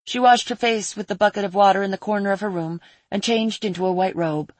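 A woman reading a fantasy story aloud in a steady narration. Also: mid-range voice, fairly quick, no echo. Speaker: audiobook narrator.

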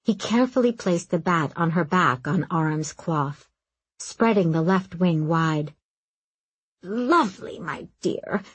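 Low, husky woman narrating a story. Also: measured pace, no echo. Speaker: audiobook narrator. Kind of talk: scripted narration.

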